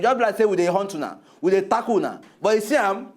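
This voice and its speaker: A man with a Nigerian accent co-hosting a comedic argument show, loudly heated and refusing to lower his voice. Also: animated, fast. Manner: loud, heated, insists on raising his voice. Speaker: comic co-host.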